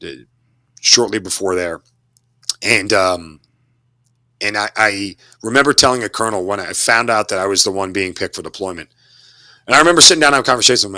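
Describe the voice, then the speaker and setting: Talkative man with a bright, dry voice. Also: on the low side, no echo. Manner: talkative, earnest, repeats words while searching. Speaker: guest, army officer and broadcaster. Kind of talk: casual interview storytelling. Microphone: studio mic.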